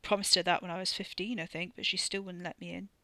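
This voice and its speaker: A man's voice: sits high, flat delivery, fast talker, pushed and bright, no room sound, exaggerated voice. A woman voicing a drowsy, stoned man who talks in a lazy, slurred drawl with a broadening accent.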